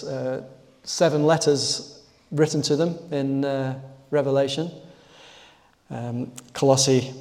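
A man's voice: fairly high pitch, dark tone. A man preaching a sermon in a conversational style, pressing hard on key words. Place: church. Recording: church hall reverb.

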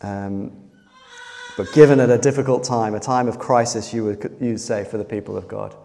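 A man delivers an earnest sermon in a slightly hoarse voice, pausing often between phrases. His voice rings in a hall with long reverb. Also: on the low side, fairly even intonation, dark tone. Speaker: preacher.

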